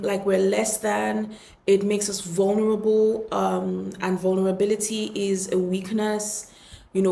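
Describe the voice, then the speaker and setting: A woman hosting a podcast, speaking earnestly and gently in a reflective solo talk, with many pauses and restarts. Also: mid-range voice, vocal fry, echoey room. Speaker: podcast host.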